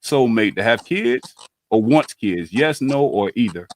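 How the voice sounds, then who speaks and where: A man's voice: mid-range voice, lively intonation, measured pace. Playful man hosting a dating quiz. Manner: playful, loose slang, teasing. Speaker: podcast host running a dating quiz. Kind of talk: casual group chat on a video call.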